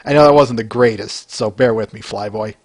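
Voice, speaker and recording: Here the podcast host's voice sits on the low side and moves a little fast. He's eagerly chatting about fan art in a casual way, filling the talk with fillers and laughter.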